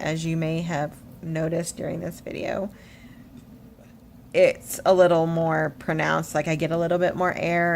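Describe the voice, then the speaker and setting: A woman telling a story in a casual vlog, animated and a little shaky, acting out what people said. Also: low-pitched, a little hiss or hum. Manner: animated storytelling, acts out quotes. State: shaky, emotional. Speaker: vlogger. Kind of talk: casual chatty vlog update.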